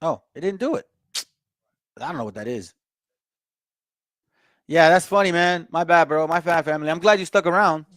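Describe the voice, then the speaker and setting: A man with a somewhat high voice, recorded dry and close, teaching the Bible in an easygoing way. He reads scripture aloud and breaks in with laid-back asides, calling his listeners fam and bro. His delivery stays casual and conversational throughout. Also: normal speed, pauses often, a bit bright, no room sound.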